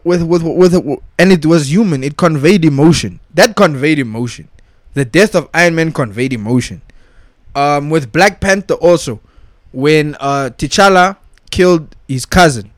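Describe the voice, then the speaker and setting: A young man rants casually about pop culture, his voice sitting a little high for a man. He leans on slang and restarts constantly, scattering "bruh" and "dog" through every thought. The sound is close and dry, with no room around it. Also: dry recording. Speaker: podcast host.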